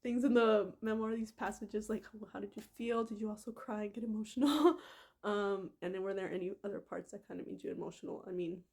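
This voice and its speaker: Her voice is medium-pitched, husky, creaky, and darkish, and she talks fairly quickly. She's doing a casual emotional vlog, reading passages aloud and gushing with plenty of fillers such as "like" and "freaking."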